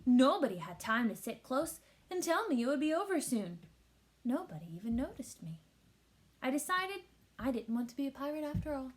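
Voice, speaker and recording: A woman reading a children's picture book aloud with expressive storytelling. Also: sits high, normal speed. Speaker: teacher.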